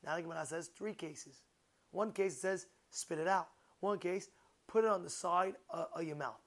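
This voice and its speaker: A man, a rabbi, giving an animated Torah class, asking his listeners questions and using many fillers. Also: high-pitched, moderate pace.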